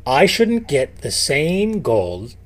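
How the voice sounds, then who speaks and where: A man talking as a guest on a casual podcast, animated and emphatic, often restarting his sentences. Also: a little high, slow pace.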